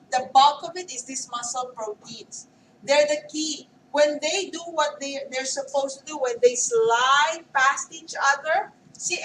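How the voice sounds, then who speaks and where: A woman's voice: sits high, a bit bright, a little hiss or hum. A woman lecturing a class on anatomy, often stopping to check with "okay?" and putting questions to her students. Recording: roomy classroom mic from far off.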